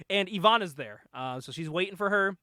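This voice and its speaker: A man hosting a casual podcast chat, retelling a movie in an animated way, acting out the characters' lines and laughing often. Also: high-pitched, dry recording, clean studio sound. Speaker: podcast host.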